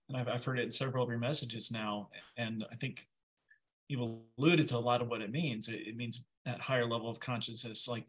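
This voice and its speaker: A man's voice: medium pitch, fairly bright tone. Affirming male podcast host. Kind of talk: conversational interview.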